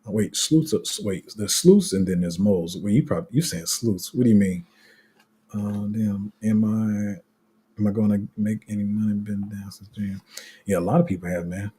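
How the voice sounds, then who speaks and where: A man's voice: lowish voice, normal speed, warm tone, slightly rough. A man hosting a casual crypto livestream, rambling with many restarts and reading viewer comments aloud. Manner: rambling, restarts often, laughs at himself.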